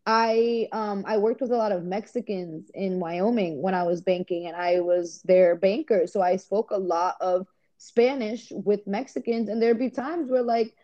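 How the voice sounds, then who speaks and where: A Rhode Island woman guesting on a podcast chats casually, rambling enthusiastically and saying "like" a lot. Her voice is medium-pitched and unhurried, and the audio sounds dull.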